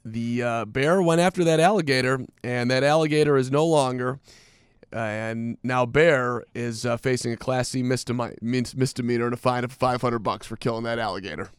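Deadpan radio co-host man. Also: mid-range voice, brisk, clean tone, no echo. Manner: dry, deadpan storytelling with fillers. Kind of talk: casual morning radio banter.

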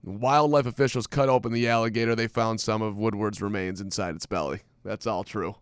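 A man co-hosting a radio show, telling a news story in a dry, deadpan way with plenty of fillers. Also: on the low side, a little fast, clean tone, no echo. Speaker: radio co-host. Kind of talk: casual morning radio banter.

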